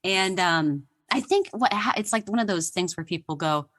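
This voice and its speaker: A woman's voice: medium pitch, expressive, normal speed, a bit bright. Chatty, giggly woman telling history stories. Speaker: podcast guest. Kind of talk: casual interview chat.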